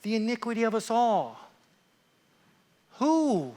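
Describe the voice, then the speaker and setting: A man preaching a lively sermon, playful and animated, swinging from loud excitement to hushed asides. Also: sits high, fairly quick, long reverb tail.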